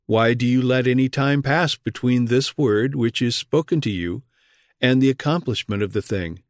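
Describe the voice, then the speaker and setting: Male reader, mid pitch, earnest read-aloud sermon that presses questions on the listener; dry, roomless recording. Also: moderate pace, no room sound.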